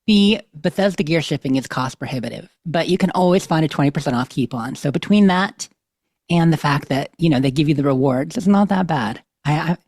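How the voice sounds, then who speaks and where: A woman's voice: low voice, expressive, a little fast, darkish tone, dry recording. A woman co-hosting a podcast from her bedroom, chatty and upbeat, laughing easily. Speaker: podcast co-host. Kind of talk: casual podcast chat.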